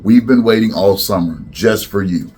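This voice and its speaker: A man's voice: fairly low pitch, moderate pace, warm tone, breathy edge. A middle-aged man, a school principal, addressing students in a welcome video and leading them in call-and-response chants.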